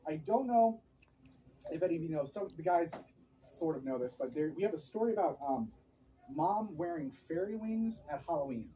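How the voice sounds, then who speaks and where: A man in his thirties telling lively, laughing stories about his late mother at a memorial gathering. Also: high voice. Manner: animated, laughing anecdotes. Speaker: eulogy speaker. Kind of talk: storytelling at a memorial. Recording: distant and noisy room recording.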